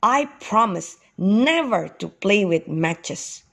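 A woman voicing an eager, polite young boy ox in a storybook, with excited, wonder-filled exclamations. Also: medium pitch, slow, creaky, heavily acted. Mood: timid.

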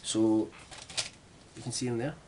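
A man's voice: mid-range voice, level tone, unhurried, background noise. A young man with a Glaswegian Scottish accent, chatting casually to camera in a self-deprecating, rambling way. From Glasgow, Scotland. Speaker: vlogger. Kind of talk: casual vlog chat.

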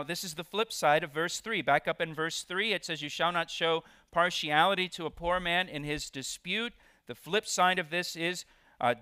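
Expressive male pastor preaching a sermon. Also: a little high, smooth, no room sound, studio quality. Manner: expressive preaching, stresses key words loudly. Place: church.

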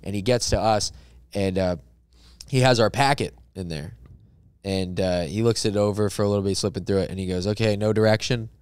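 A man on a podcast telling a story in a casual, lively way, acting out each person in it. His voice is smooth and low-pitched. The sound is dry and close to the mic. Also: a little fast, dry recording. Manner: animated, acts out characters in his story. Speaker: comedian guest.

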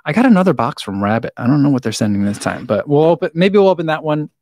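A man's voice: fairly high pitch, sing-song, fast talker, darkish tone, dry recording, studio quality. A man hosting a casual live stream about running shoes, laid-back and rambling as he answers viewer questions with frequent chuckles, in a room with shoes on the wall.

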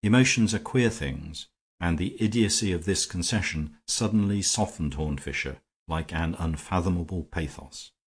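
Male audiobook narrator, deep voice, husky tone, measured reading. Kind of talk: scripted narration.

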